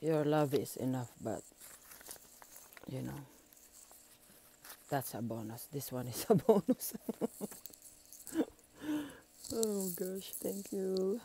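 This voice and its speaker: A woman's voice: low-pitched, gravelly, dark tone, slight background noise. A woman vlogger chatting casually while unboxing gifts, gushing and emotional, laughing often. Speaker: channel founder.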